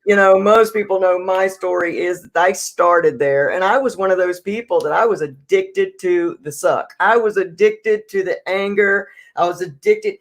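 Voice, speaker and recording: A man's voice: sits high, normal speed, few pauses. A man hosting a podcast, talking reflectively and telling a personal story. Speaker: podcast host. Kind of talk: casual podcast chat.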